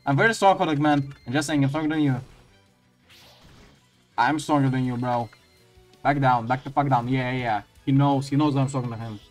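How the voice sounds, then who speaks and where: A man giving crude, swear-heavy commentary while playing a game, often breaking into high laughing outbursts. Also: fairly quick, long pauses, soft background music. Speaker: let's play gamer.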